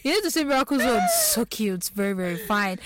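A woman's voice: fairly high pitch, big pitch swings, a little fast, a little hiss or hum. A young Nigerian woman hosting a radio show, bubbly and playful as she hypes up her co-hosts in the studio. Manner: bubbly, playful, hyping up guests. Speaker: radio host. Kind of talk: lively radio show chat.

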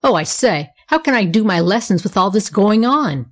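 A woman voicing a grumpy schoolboy brother in a storybook reading, with a gruff, irritable manner. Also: mid-range voice, expressive, normal speed, natural voice.

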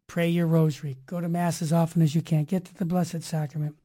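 A woman's voice: low voice, a little fast. Upbeat preachy woman radio host. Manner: energetic, preachy, upbeat rhyming catchphrases. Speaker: Catholic radio show host. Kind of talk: radio talk show monologue.

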